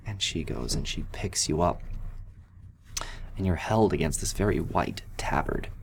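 A man narrating as game master of a tabletop role-playing game, in a slow, hushed storytelling manner. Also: sits low, expressive, gravelly, a little hiss or hum.

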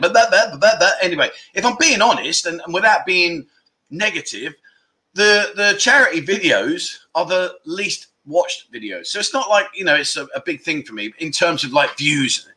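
A man's voice: on the high side, sharp tone. A middle-aged man hosting a casual livestream chat, teasing and talking loosely with many restarts. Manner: chatty, teasing, restarts often. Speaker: livestream host.

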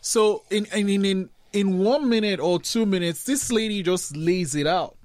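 A high-pitched man asks questions with eager, wandering enthusiasm, piling up fillers. The sound is close and dry. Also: moderate pace, a little mellow, no echo. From not from Canada. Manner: enthusiastic, rambling, filler-heavy. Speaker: interviewer. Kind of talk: interview conversation.

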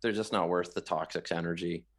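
A middle-aged man from Canada, a guest in an interview, telling stories animatedly and bursting into loud quoted lines. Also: sits low, a little fast. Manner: animated storyteller who shouts out quoted lines. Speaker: guest, marathon runner. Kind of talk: storytelling in a podcast interview.

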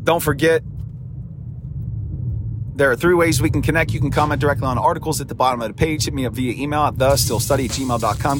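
A man hosting a sports podcast on his own, his voice strained and damaged, talking in an emphatic, preachy way and repeating words for punch. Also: a little high. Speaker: podcast host. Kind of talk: sports commentary podcast monologue.

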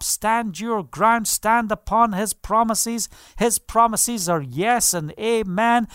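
A man's voice: high voice, a bit bright, smooth, no echo, clean studio sound. A man preaching a sermon, fervent, asking the listeners questions and laughing now and then. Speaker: pastor.

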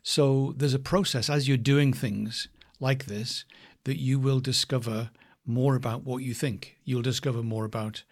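A man teaching a voice lesson, speaking slowly and thoughtfully and demonstrating different word stress. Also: medium pitch, fairly even intonation. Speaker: voice coach. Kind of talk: reflective spoken lesson.

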